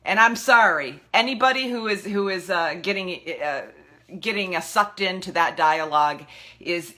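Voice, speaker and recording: Mid-range, bright and forceful, this woman's voice carries an impassioned political rant for her video blog. Exasperated and heated, she keeps stammering and starting her sentences over.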